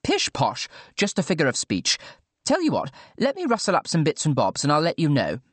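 Posh old english lady, hearty and clipped, bouncy high voice, guy putting it on. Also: huge pitch swings, brisk, no echo. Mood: breezy. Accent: upper-class English. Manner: breezy, clipped, jolly. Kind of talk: audiobook character voice.

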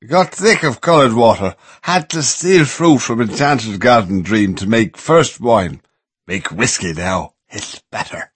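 A man's voice: medium pitch, lively intonation, normal speed, few pauses, pitched above the performer's own voice, close to an everyday voice. A man voicing a very drunk old man who talks in clipped, broken phrases, in a storybook reading. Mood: drunken.

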